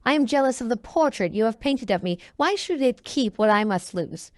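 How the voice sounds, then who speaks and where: A woman's voice: on the high side, animated, normal speed, dry recording, studio quality, natural voice. A woman voicing a vain young man who dreads growing old, speaking in a pleading, anguished way. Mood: bitter.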